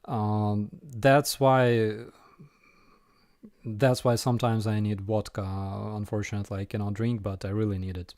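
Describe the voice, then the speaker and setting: A man with a Ukrainian accent hosting a casual live Q&A, answering viewer questions in an unhurried way with frequent ums and dry jokes. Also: on the low side, level tone, darkish tone, dry recording. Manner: unhurried, frequent ums and uhs, dryly joking.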